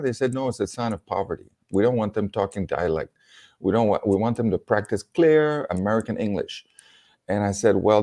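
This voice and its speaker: Man, German accent, lowish voice, animated storyteller, laughs a lot, video call. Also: gravelly. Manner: animated, laughs often, acts out quotes. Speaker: comedian and storyteller. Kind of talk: casual storytelling chat.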